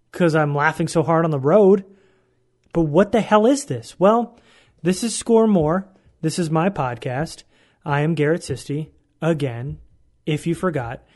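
A man's voice: fairly high pitch, darkish tone. A man hosting his own podcast in a casual monologue, joking and poking fun at himself as he rambles. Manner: jokey, self-mocking, rambling. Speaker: podcast host.

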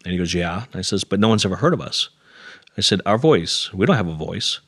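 Speaking fast in a low, expressive voice with a fairly bright tone, this middle-aged man recounts a personal story as an interview guest. He's earnest but pokes fun at himself and performs the dialogue conversationally. It's a studio-quality recording with no room sound.

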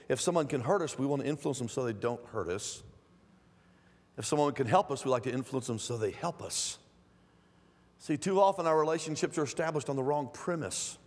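A middle-aged male pastor preaching a sermon in a church, swinging from calm low teaching to loud pleading. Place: church sanctuary. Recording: reverberant hall.

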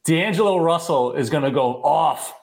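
A man on a sports betting panel, giving quick, punchy, decisive picks. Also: fairly high pitch, gravelly, a little mellow. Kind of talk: casual panel chat.

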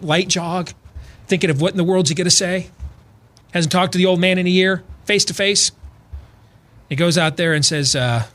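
Bright, animated male talk-radio host. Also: on the high side. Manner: animated storyteller, acts out quotes, builds to loud emphatic punches. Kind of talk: political talk radio monologue.

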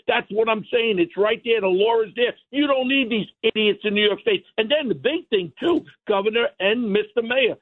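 A man's voice: sits high, normal speed, hardly any pauses. A middle-aged man, a guest, ranting bluntly and combatively about crime. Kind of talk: heated political talk. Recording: tinny phone line.

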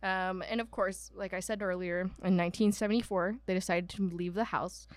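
A woman's voice: fairly low pitch, steady tone, brisk, dry recording. A young woman co-hosting a podcast, telling a ghost story in a chatty way with lots of fillers and asides. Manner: chatty storyteller, many "um"s and asides, mock voices for quoted people. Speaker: podcast co-host. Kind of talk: casual chat about a haunted house.

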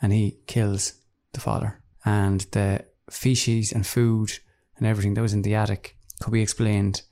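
A podcast co-host laying out his theory in a steady, matter-of-fact way. His voice is low, dark and quite flat in pitch. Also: moderate pace. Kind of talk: casual true-crime chat.

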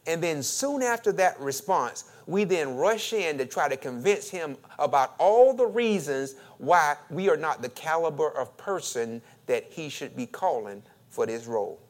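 A man preaching in a somewhat high, very animated voice that climbs and drops from phrase to phrase. He swings between loud, punchy emphasis and quiet asides. He acts out quoted questions with a rising inflection and calls on the congregation to respond. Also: a little slow, few pauses. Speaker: pastor. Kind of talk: sermon.

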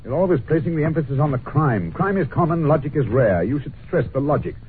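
An actor playing an irritable, brilliant detective in a 1940s radio drama, talking in a testy, clipped, scornful way. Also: male voice, a little high, expressive, quick pace, natural voice. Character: irritable, brilliant male detective, middle-aged. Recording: scratchy lo-fi old radio broadcast.

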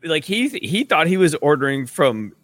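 A man co-hosting a podcast, telling stories in an excitable, profane, joking way. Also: fairly high pitch, moderate pace. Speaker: podcast co-host. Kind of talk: casual podcast chat.

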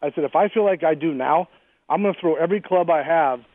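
A man's voice: fairly high pitch, fast, no room sound. A man in his forties, a guest in a casual interview, talking bluntly and fierily and swearing freely, heard over a phone line. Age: 40s.

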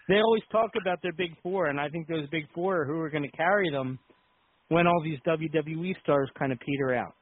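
A man's voice: a little high, brisk, husky, no echo. A man hosting a casual wrestling chat, rambling and laughing often. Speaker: podcast host. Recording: dry, phone-like line.

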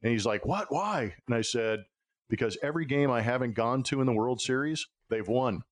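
A male podcast host talks baseball in an easy, chatty way, with plenty of filler words along the way. His voice sits at a middle pitch. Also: a little fast. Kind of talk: casual sports podcast chat. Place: Houston.

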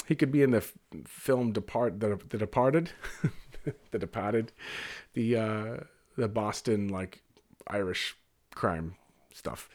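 A man, a bartender, casually telling a rambling personal anecdote with lively, digressive delivery and laughs slipping in. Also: medium pitch.

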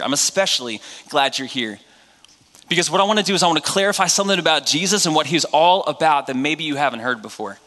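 A man's voice: on the high side, bright, forceful tone. A man with a New England accent preaching as a guest pastor in a church, casual and joking, full of fillers. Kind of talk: sermon. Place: church sanctuary. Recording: long hall reverb.

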